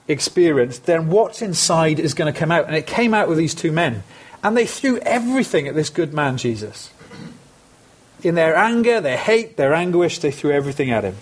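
A man's voice: a little high, slightly rough. A man preaching a sermon, earnest and emphatic, repeating phrases for stress.

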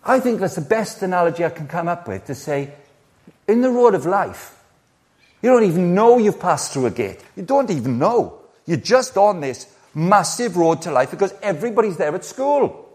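Animated preacher in his sixties. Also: sits high, normal speed. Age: 60s. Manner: lively, conversational, rhetorical questions, playful asides. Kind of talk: sermon.

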